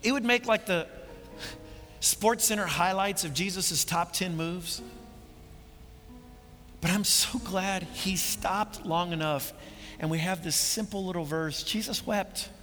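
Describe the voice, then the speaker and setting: A man preaching a sermon as pastor, impassioned, building to emphatic peaks and then dropping quiet. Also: high voice, slow pace, long pauses. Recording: long reverb of a large hall with faint music.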